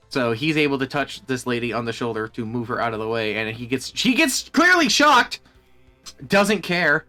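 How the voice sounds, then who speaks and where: A man streaming and chatting casually, in an animated, exasperated way with plenty of swearing. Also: medium pitch, normal speed, soft background music. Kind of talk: casual chat.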